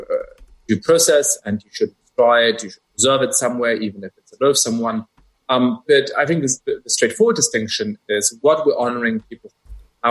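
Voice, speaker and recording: A man's voice: medium pitch, husky, rough recording. A man with a German accent, a podcast guest, making his case analytically with many hesitant fillers. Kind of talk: podcast conversation.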